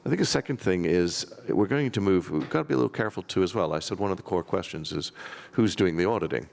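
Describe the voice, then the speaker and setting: A man's voice: deep voice, expressive, quick pace, creaky, darkish tone. A man speaking on a conference panel, rambling and wry with dry self-deprecating jokes.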